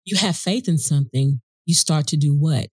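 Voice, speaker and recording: A woman's voice: sits low, normal speed, husky, dry recording. A woman guest on a podcast, a voice actor and vocal coach, speaking emphatically and affirming as she quotes scripture. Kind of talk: casual podcast conversation.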